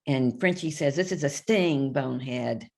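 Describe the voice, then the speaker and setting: A woman's voice: rumbling low, moderate pace, creaky, a little mellow. An older woman, the book's author, reading a children's picture book aloud live, chatting between pages and giving the characters little voices. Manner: chatty, reads character lines with small voice shifts and asides.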